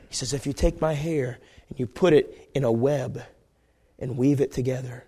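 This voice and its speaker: A man preaching a fiery sermon, dropping to hushed murmurs and then shouting pleas as he acts out the story. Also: mid-range voice, fairly even intonation, moderate pace, slightly rough. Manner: acts out Bible characters with voices.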